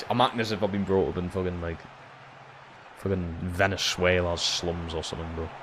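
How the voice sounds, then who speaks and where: A man's voice: low-pitched, flat delivery, moderate pace, noisy background. A young Geordie man from Newcastle, streaming a football game and ranting with lots of swearing. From Newcastle, England. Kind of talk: live gaming commentary.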